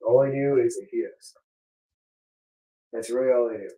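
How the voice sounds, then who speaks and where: A man's voice: mid-range voice, moderate pace, dark tone, poor audio. A man talking alone on a livestream, repeating himself insistently. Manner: repetitive and insistent. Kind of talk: unscripted livestream monologue.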